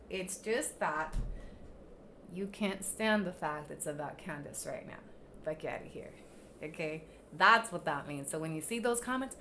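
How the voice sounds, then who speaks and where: A woman's voice: on the low side, very animated, moderate pace, fairly bright tone. A young woman hosting a casual livestream, venting bluntly and with plenty of swearing at critics in the comments. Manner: blunt, profane, ranting at critics. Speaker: livestream host.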